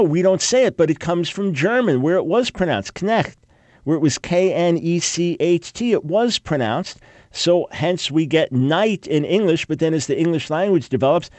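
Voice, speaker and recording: A Bible scholar, PhD in Semitic languages, gives a lecture-style explanation of how Hebrew words and names developed, in a higher, darkish voice on a dry recording. He is emphatic throughout and mocks opposing views with quick quoted objections.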